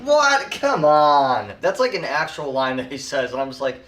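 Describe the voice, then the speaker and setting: A man's voice: mid-range voice, quick pace, a bit bright. A man giving a rambling, casual spoken TV show review, full of fillers. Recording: echoey room, mic far off.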